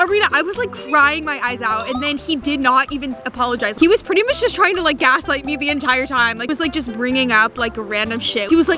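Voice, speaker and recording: Young woman vlogger, frank and foul-mouthed storyteller, raised pitch, soft music underneath. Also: expressive, fast, few pauses. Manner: candid, profane, emotional storytelling. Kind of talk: storytime vlog.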